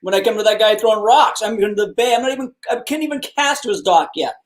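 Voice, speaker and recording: A man's voice: high-pitched, fast talker. A man co-hosting a live fishing show, telling stories bluntly, laughing and swearing as he talks.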